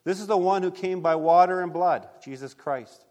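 A man's voice: sits high, normal speed, big-room sound. A man preaching a sermon, telling a story earnestly and reading scripture aloud. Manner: earnest, steady storytelling with small restarts. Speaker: pastor.

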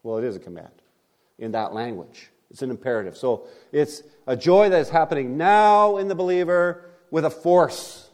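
Guy preaching a sermon, punchy emphasis, asks the crowd questions, goes loud then drops low. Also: lively intonation, normal speed. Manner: emphatic preaching with rhetorical questions and big swings in loudness. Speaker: pastor.

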